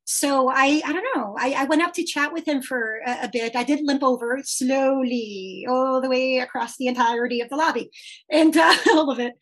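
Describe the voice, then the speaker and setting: Bubbly high-voiced woman telling a story. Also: normal speed. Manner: animated, laughing, acts out quotes. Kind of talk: casual storytelling.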